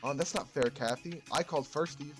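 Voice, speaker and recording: A man plays a whiny, eager young man, pleading and quick. Game music runs behind him. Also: fairly high pitch, fairly bright tone, natural voice.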